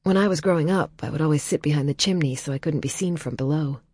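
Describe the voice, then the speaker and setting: A woman voicing a young adult pop singer who talks in a low-key, hushed, self-deprecating way, as an audiobook character. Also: quick pace, slightly rough, no room sound, studio quality. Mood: wistful.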